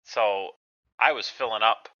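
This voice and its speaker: Man, co-host, sharp bright tense voice, slightly muffled lo-fi mic, wry anecdotes. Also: on the low side, measured pace. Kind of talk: casual chat, telling work stories.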